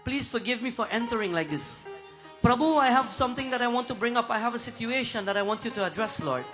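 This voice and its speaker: A man's voice: extremely high pitch, expressive, fast talker, bright, forceful tone, faint music behind, exaggerated voice. A male pundit voicing a panicky, complaining village shopkeeper in a devotional story. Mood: pleading. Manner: pleading, complaining.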